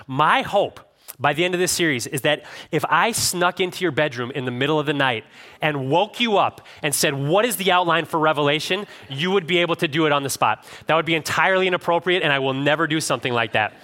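A male pastor preaching a sermon to his congregation, telling a story with animated swings in pitch and loudness. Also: fast talker. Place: church room with a live congregation.

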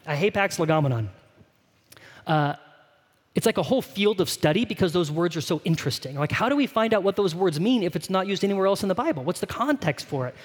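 A man preaching a sermon in a conversational, animated way, often asking the congregation questions. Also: on the high side. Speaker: pastor. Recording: long reverb of a large hall.

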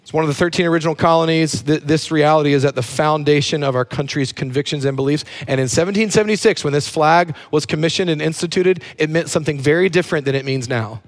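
A man preaching a sermon in an animated way, dropping low and quiet on key phrases. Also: quick pace, few pauses. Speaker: pastor.

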